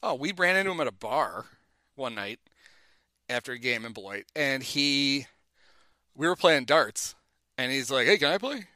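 A middle-aged man spins anecdotes in a relaxed chat, his bright voice rising and falling in a lively way. He slips into quick impressions of the people in his stories. The sound is dry and close. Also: medium pitch, no echo. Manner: animated anecdotes, acts out quotes. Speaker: guest telling stories. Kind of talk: casual storytelling chat.

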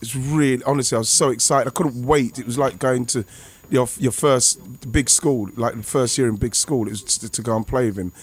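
Excitable rambling man. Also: medium pitch, a little fast, few pauses, breathy edge. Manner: rambling, excitable, many restarts and fillers. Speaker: former footballer guest. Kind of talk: casual anecdote on a podcast.

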